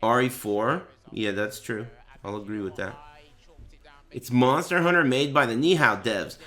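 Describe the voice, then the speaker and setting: A streamer hosting a livestreamed podcast chats casually in a mid-range voice at a measured pace. He tells stories animatedly, swearing a lot and laughing often.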